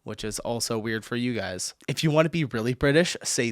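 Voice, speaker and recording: An American man hosts a reaction video in a loose, chatty way. He thinks aloud as he goes and breaks into easy laughs, and his voice sits at a middle pitch. The sound is dry and close, with no room echo. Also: lively intonation, unhurried. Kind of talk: casual reaction commentary.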